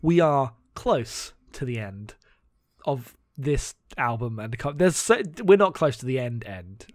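A man's voice: mid-range voice, animated, unhurried, dry recording, studio quality. A man co-hosting a podcast in casual comedic chat, sarcastic and often laughing. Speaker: podcast co-host.

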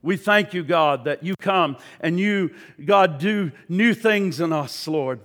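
A man preaches in a church with a high, ringing voice. His delivery is impassioned, climbing to loud, fervent peaks and then dropping to a hushed, pleading tone in prayer, and he often repeats his words as he goes. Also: slow, long reverb tail. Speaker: pastor. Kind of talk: sermon and altar prayer.

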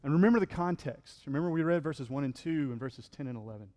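A male pastor preaching a sermon in a relaxed, conversational way, often checking in with the congregation and acting out the quotes he reads. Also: fairly high pitch, quick pace, big-room sound. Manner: conversational preaching, frequent "right?", acts out quotes.

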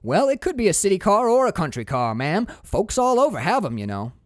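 A man voicing a smooth-talking, lying male driver who is politely ingratiating. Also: high voice, wildly swooping pitch, brisk, no echo, studio quality, pitched above the performer's own voice.

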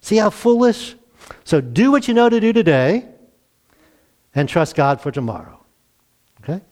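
Older guy preaching, slightly high voice, chatty, acts out the bible dialogue. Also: sing-song, moderate pace, a little mellow. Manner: conversational, acts out dialogue, chuckles often. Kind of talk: sermon.

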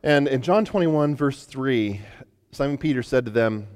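A male preacher delivers a sermon in a lively storytelling manner. He often trips over his openings and repeats a word before he goes on. His mid-pitched voice rings with the long reverb of a large hall. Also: moderate pace, clear, resonant tone. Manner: animated storytelling with frequent stammered restarts.

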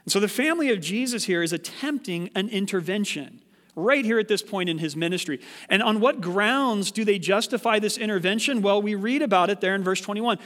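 A man with a high voice preaches a sermon to his congregation, animated and full of rhetorical questions. His voice rings with the long reverb of a church hall. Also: a little fast. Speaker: pastor.

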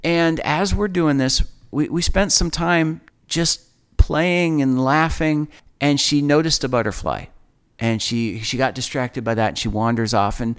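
Earnest man with a smooth voice. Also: fairly high pitch, a bit bright. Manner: earnest, emotional storytelling with halting restarts. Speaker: speaker sharing a personal testimony. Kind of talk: personal testimony.

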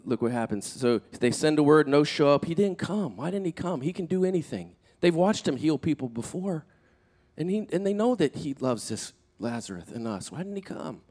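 A man preaching a sermon as pastor, animated and conversational, acting out quoted speakers, swinging between loud emphatic peaks and soft, hushed asides. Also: fairly high pitch, normal speed. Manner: conversational, with fillers and restarts.

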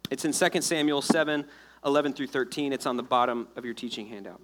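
A man preaching a sermon to his congregation, explaining scripture in a lively, joking way and acting out the people in the story. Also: medium pitch, quick pace. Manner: animated, jokey storytelling with acted-out asides. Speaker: pastor.

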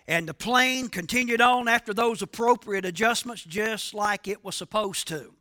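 A man's voice: high voice, normal speed, few pauses, bright, forceful tone. A male pastor preaching a sermon, speaking emphatically and asking his congregation questions.

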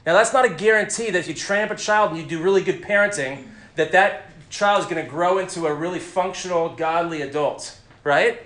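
Male Bible teacher, animated and interactive with his class; recorded in an echoey room. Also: high-pitched, brisk, few pauses. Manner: lively, interactive, quizzes the class.

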